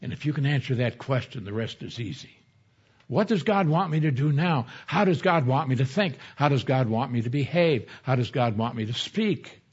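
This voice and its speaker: A man's voice: mid-range voice, expressive, normal speed, slightly rough. A male pastor works through scripture in an easygoing, conversational sermon, dropping in stories from his own experience. His voice carries a mild huskiness. The recording is a little muffled and lo-fi. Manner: conversational teaching with anecdotes. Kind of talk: expository sermon.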